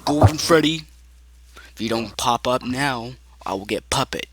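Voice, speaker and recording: A man voicing a gruff male bear animatronic, speaking low, slow and stern. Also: fairly bright tone, dry recording, lightly acted.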